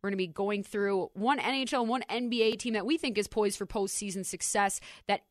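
A woman's voice: mid-range voice, brisk, dry recording. Upbeat woman co-hosting sports radio, dry close mic, talks easy and chatty. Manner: chatty, upbeat, self-deprecating. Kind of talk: casual sports talk radio. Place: radio studio. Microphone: studio mic.

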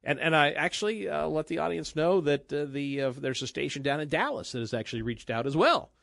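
A man hosting a talk radio show in casual banter, chatty, with halting restarts and frequent laughs. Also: on the high side, animated, creaky, fairly bright tone, no echo, clean studio sound.

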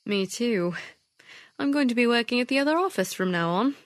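A woman voicing a kind, gentle father in a children's story. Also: on the high side, animated, fairly quick, no echo, studio quality, lightly acted. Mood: warm.

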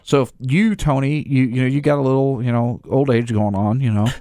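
A man's voice: medium pitch, a little fast, warm tone, no echo, studio quality. A man who runs a gun store, talking casually in rambling restarts and acting out little scenes with other people's voices. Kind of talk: casual conversation.

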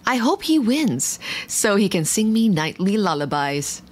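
A dreamy young princess from a bedtime tale, as a woman reads her, speaking softly and a little plaintively. Her lines come at a calm, unhurried pace. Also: medium pitch. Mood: hopeful. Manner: soft, plaintive.

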